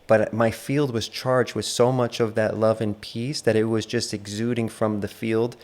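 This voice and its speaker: A man teaching the internal arts in a casual spoken lecture, relaxed and rambling, with many fillers as he tells a story. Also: lowish voice, moderate pace.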